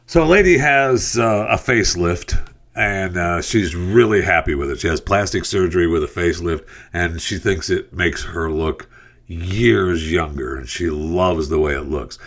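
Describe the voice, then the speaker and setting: Deep male talk-radio host, loose and rambling. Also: normal speed. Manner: relaxed, rambling, frequent fillers. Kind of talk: casual talk, telling a joke.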